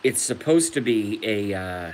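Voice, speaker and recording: A man's voice: on the low side, expressive, measured pace, a little mellow, a little hiss or hum, rough recording. A man hosting a rambling live stream, crude and self-mocking, laughing at his own jokes while hurt and unable to laugh without pain. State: injured, hurts when he laughs. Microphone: phone.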